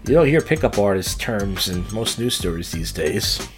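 Low-voiced man riffing on odd news. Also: very animated, moderate pace, music in the background. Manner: crude, offhand commentary; stumbling reads with restarts. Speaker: podcast host. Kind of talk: casual news-reading podcast.

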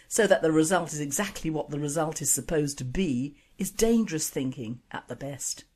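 A woman hosting an online radio show, reading opinionated scripted commentary and jokes. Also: low-pitched. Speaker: radio host.

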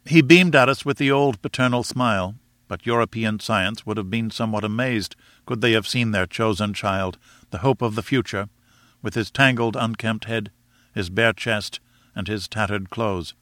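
Homem narrador, audiolivro, narração roteirizada, ritmo comedido, voz brilhante. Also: male voice, lowish voice, normal speed, fairly bright tone, no room sound. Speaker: audiobook reader. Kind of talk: scripted narration.

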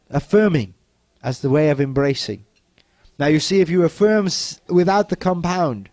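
Guy teaching self-help affirmations, slow and repetitive, kinda high voice, soft and quiet a lot, dry close sound. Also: dry recording. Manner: slow, repetitive, gently insistent, often dropping soft. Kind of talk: motivational teaching talk.

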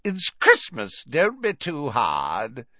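A man voicing a jovial, plump old male professor who talks in a slow, fruity, indulgent way. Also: mid-range voice, huge pitch swings, pushed and bright, no room sound, dull audio, voice pushed up, heavily acted.

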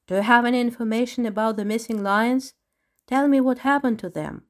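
A woman's voice: fairly high pitch, a little fast, voice pushed up, natural voice. A woman voicing an earnest male peacock detective in a storybook. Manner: earnest, questioning.

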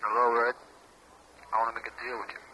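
A man's voice: mid-range voice, flat delivery, normal speed, bright, forceful tone. A man prank-calling a bar, taunting and talking tough. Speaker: prank caller. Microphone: telephone. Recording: noisy old phone line.

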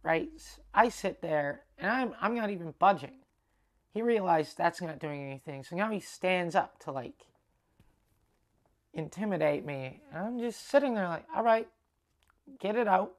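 Sitting high in pitch and moving at a moderate pace, this young Canadian man hosts a podcast. His casual storytelling monologue is long, rambling and animated, packed with swearing and acted-out dialogue.

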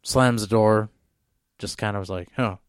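A podcast co-host tells a long, meandering story in a relaxed way, packed with fillers and restarts. His voice is lowish and smooth with a steady tone at normal speed, recorded at studio quality with no room sound.

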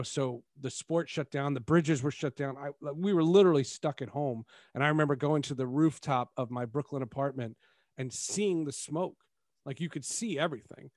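Male podcast host, a touch high-pitched, dry close sound, casual and meandering delivery. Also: dry recording. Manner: rambling, restarts mid-thought. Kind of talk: casual interview chat.

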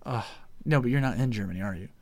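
A man in casual chat, telling an animated story about a game and speeding up in the action. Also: medium pitch, fast. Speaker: gamer in group chat.

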